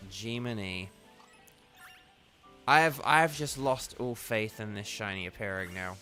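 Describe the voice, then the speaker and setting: Brief: lower-voiced, tired male streamer chatting to viewers while he plays, soft game music under him. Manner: rambling, chatty, addresses viewers directly. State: tired, yawning. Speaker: gaming livestreamer. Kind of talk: casual livestream commentary while playing.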